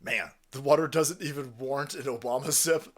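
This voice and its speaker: A man's voice: medium pitch, brisk. A man giving crude, mocking reaction commentary, ranting and swearing. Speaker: online commentator.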